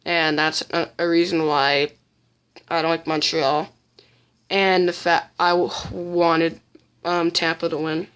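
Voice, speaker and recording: A woman's voice: low voice, level tone, takes it slowly, fairly bright tone, clear, resonant tone. A woman giving casual countdown commentary as a fan vlogger, blunt and opinionated, often restarting her sentences.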